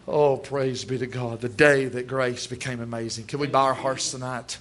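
A man's voice: medium pitch, fairly even intonation, normal speed, hardly any pauses, fairly bright tone, a little hiss or hum. A man preaching a sermon at a church service, folksy and emphatic, in plain everyday speech.

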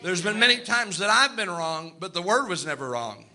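A man's voice: high voice, very animated, normal speed, pushed and bright. A male pastor preaching a sermon, repeating lines for emphasis and calling out amens.

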